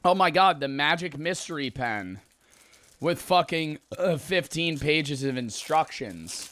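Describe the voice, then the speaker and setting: A young man on a livestream swears through a rambling, exasperated running commentary. His bright, forceful voice sits a little high and swings widely in pitch. He keeps reacting to the lingering heat of spicy food. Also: lively intonation, unhurried. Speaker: streamer. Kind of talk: casual livestream chat.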